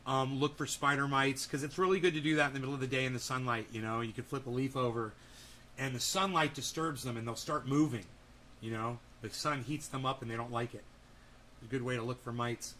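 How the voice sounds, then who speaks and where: A man's voice: mid-range voice, bright, forceful tone, a little hiss or hum. Rambling man chatting on a livestream. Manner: rambling, playful, swears often, coos at his dog. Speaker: vlogger. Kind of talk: casual livestream chat.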